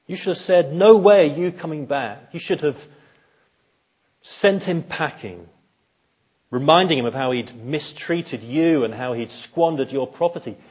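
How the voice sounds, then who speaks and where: A man voicing a resentful older brother who bitterly accuses his father, speaking in a husky voice. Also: mid-range voice, unhurried, highs cut off. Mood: indignant.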